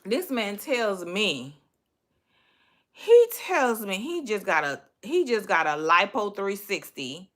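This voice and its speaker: Young woman, bright forceful tone, foul-mouthed storytime delivery. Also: medium pitch, slow pace. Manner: profane, animated, quoting her own thoughts. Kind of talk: casual storytime vlog.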